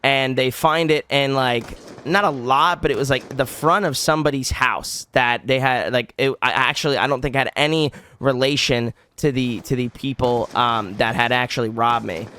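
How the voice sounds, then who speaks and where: A young man casually telling a story on his vlog, animated and rambling, with many likes and restarts. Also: mid-range voice, normal speed, hardly any pauses, clean tone. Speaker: vlogger.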